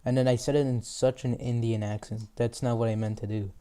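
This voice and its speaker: A man's voice: mid-range voice, fairly even intonation, brisk, dark tone, a little hiss or hum. A teenage boy hosting a casual podcast interview, asking rambling questions full of fillers. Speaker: host.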